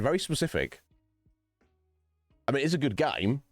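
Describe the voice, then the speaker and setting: A man's voice: medium pitch, sing-song, normal speed, no room sound, faint music behind. A man hosting his own livestream, chatting to viewers by name in a rambling, philosophical way and swearing freely. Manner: chats directly to viewers by name. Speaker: streamer host. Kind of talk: casual livestream chat while gaming.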